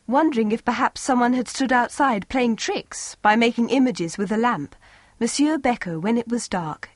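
A woman narrating a story in an expressive, lively storybook way. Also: mid-range voice, no echo.

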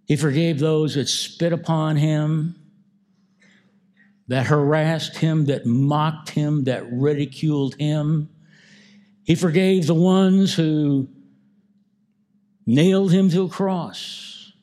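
Male pastor, sermon delivery, unhurried and warm-toned. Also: on the high side, steady tone. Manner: slow, emphatic preaching with repeated phrases.

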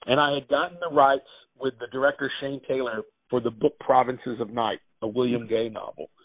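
Male interview guest, lively storyteller, dry tinny phone sound. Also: medium pitch, a little fast, no echo. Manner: animated anecdotes, acts out quotes. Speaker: actor and writer, guest.

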